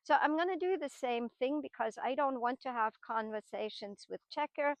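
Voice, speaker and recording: A woman's voice: high-pitched, moderate pace, no room sound. A middle-aged woman horse trainer who explains patiently and often checks in with tag questions as she teaches. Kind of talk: explanatory teaching talk while working horses.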